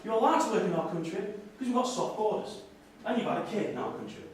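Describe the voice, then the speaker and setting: A man's voice: sits high, expressive, fast, slight background noise. A man playing a brash, bigoted nationalist party leader, swearing and bossing audience volunteers around on stage. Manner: crude, swearing, bossy crowd-work. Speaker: comedy stage performer. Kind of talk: live character comedy with audience volunteers. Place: stage in a hall before an audience. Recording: echoey hall, voice from far off.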